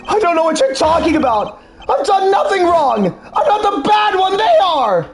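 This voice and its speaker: A man voicing a cornered ringmaster villain in a fan game dub, screaming in shrill panic. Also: big pitch swings, normal speed, exaggerated voice. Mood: desperate. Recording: faint game music behind.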